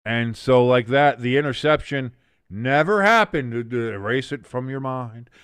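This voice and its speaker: A man with a smooth, clear voice gives casual play-by-play on a live stream, reacting to chat with jokes and sudden excited shouts. His voice is recorded close and dry, with no room sound. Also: medium pitch, a little slow, no echo. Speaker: host of a watch-along stream.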